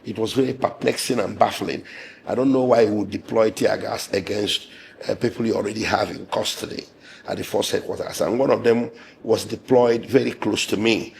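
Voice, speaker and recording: A man with a hoarse, gravelly voice recounts his account in an interview. He speaks in a low register, measured and indignant, pausing often with fillers. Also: fairly even intonation, slight background noise. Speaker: lawyer and interviewee.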